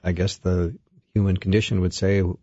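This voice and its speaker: A man's voice: sits low, level tone, brisk, dark tone, no echo, highs cut off. A man co-hosting a recovery talk radio show in a chatty, self-deprecating way.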